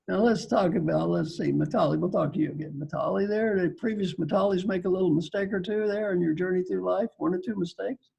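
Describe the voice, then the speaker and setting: An older man from Kentucky speaks in a folksy, joking manner, often repeating a phrase to drive it home. His voice is gravelly and husky, with a dark, mellow tone. He speaks as a guest on a coaching panel. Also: high voice, brisk, lo-fi sound. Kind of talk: casual storytelling on a video call panel.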